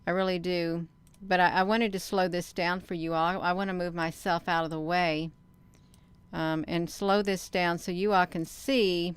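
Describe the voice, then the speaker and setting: A woman vlogger giving casual commentary on her own video, rambling and halting with many fillers and restarts, and talking straight to her viewers. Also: on the low side, fairly even intonation, smooth, dry recording. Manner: talks straight to viewers as "you all". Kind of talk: casual commentary while showing her own sky footage.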